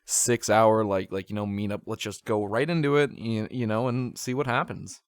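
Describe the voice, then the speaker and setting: A seventeen-year-old guy from Canada chatting on a podcast from his home studio, joking and excitable and laughing often. His voice sits low, and the recording is dry and close with little room sound. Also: normal speed, smooth, dry recording. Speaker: podcast co-host, Twitch streamer. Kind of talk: casual podcast chat.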